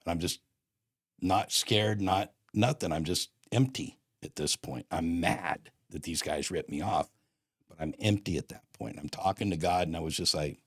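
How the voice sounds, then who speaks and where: A man's voice: deep voice, no room sound, studio quality. A man giving a blunt personal testimony in casual street talk, acting out old phone calls line by line. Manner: blunt street slang, acts out phone dialogue.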